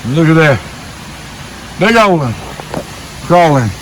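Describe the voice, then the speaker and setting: An older man with a drawl narrates his own hike outdoors, breathing a little hard as he climbs. His voice sits a bit high for a man, and he rambles on in a relaxed, folksy way. A faint hiss of outdoor air hangs behind him. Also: slow pace, poor audio. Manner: folksy, rambling, talks to himself while walking. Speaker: RV vlogger. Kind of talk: casual hiking vlog narration. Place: wooded trail outdoors by a waterfall. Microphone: handheld camera while hiking.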